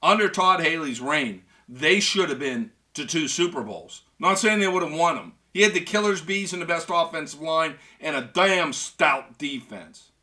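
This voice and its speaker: A man's voice: fairly high pitch, expressive, normal speed, hardly any pauses, pushed and bright. A man hosting a sports talk show, reading fan comments in a wisecracking, joking way. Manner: wisecracking, does mock voices and laughs. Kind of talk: casual sports radio banter.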